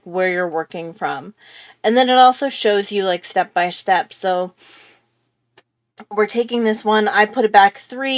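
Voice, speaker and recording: Woman doing a live drawing tutorial, chatty, rambly, thinks out loud as she goes, mid pitch. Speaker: art tutorial host.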